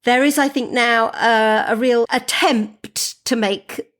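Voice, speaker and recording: A woman technology journalist, a podcast guest, talking in a measured, wry way. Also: fairly high pitch, fairly even intonation, a bit bright. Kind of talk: casual podcast chat.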